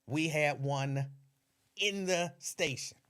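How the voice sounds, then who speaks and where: His smooth voice on the high side and his pace slow, a Cincinnati-area man reminisces about his radio career on his own podcast. The livestream is casual chat, full of laughter and animated storytelling.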